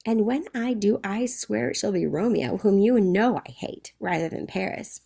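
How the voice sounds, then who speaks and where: Defiant young bride, read by a woman teacher, slight fry. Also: medium pitch, moderate pace, mellow. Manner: pleading, defiant.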